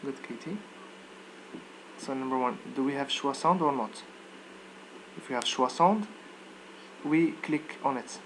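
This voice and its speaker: A man's voice: medium pitch, measured pace, pauses often, a bit bright, slight background noise, poor audio. A man teaching a live online English lesson, checking students' answers by name and modeling pronunciation.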